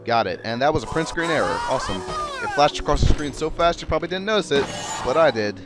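Sarcastic South Jersey gamer, lively pitch. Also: male voice, quick pace, over music. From South Jersey, USA. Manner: chatty, sarcastic, swears casually. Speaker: let's play gamer. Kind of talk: casual gameplay commentary.

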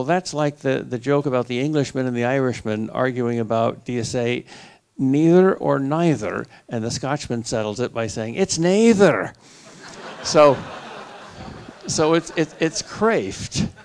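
A man's voice: medium pitch, a little mellow, clear, resonant tone. An older American man, a philosophy professor, explaining his ideas in steps at a public university forum, with a dry joke now and then. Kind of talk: lecturing answer at a public forum. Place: university lecture hall.

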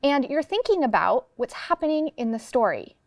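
Woman teacher, animated read-aloud, fairly high pitch, dry close sound. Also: moderate pace, no room sound. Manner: expressive storybook reading with voices. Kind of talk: classroom read-aloud lesson. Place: studio classroom.

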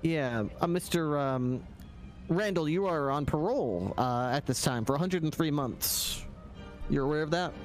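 Guy doing a hesitant cop, lots of ums, slightly high voice, quiet music behind. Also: lively intonation, normal speed, lightly acted. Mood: calm. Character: polite hesitant male police trooper. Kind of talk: role-play in a video game.

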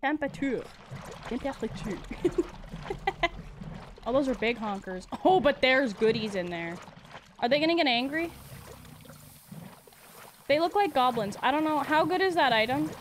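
A woman's voice: high voice, expressive, a little slow, long pauses, slight background noise. A woman streaming a video game, chatting casually with her chat and laughing often. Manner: giggly and chatty, answering chat. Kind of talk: casual live-stream gameplay commentary.

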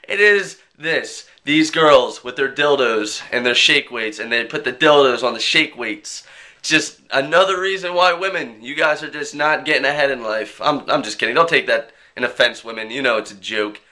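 A young man talking to his webcam in a casual vlog, joking and swearing as he rants and mimics people in quick bits. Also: a little high, pushed and bright. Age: young adult. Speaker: vlogger.

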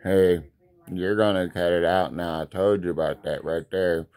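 A man voicing a stern, deep-voiced father figure who scolds slowly. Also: steady tone, a little mellow, lightly acted. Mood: scolding. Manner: slow, low, scolding.

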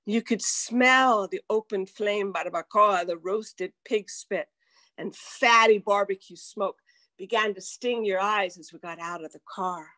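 An older woman telling a personal story in a slow, deliberate way, dropping to a whisper at tense moments. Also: mid-range voice, sharp tone, no room sound. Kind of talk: personal story told to an audience.

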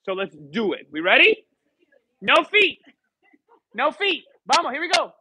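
A male salsa instructor leads a live class, counting the beats and calling out moves as the dancers go. He mixes Spanish and English cues, and his voice is fairly high and very bright. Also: big pitch swings, unhurried, no room sound, poor audio.

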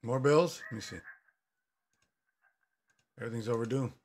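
A man's voice: medium pitch, normal speed, vocal fry, a little mellow. A man giving joking commentary on a horror game, reacting aloud to scares and talking back to the story. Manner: jokey, talks back to the game, yelps at scares. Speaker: gaming commentator.

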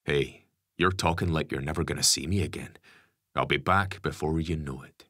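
A man playing a stubborn ex-convict father who talks calmly and plainly. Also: extremely low pitch, moderate pace, no room sound, clean studio sound, full character voice. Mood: resigned. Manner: calm, plain-spoken.

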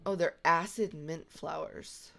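Bright excitable young woman gamer. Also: sits low, takes it slowly, creaky. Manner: excitable, panicky yelps. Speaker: gaming channel host. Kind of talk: casual co-op gameplay chat.

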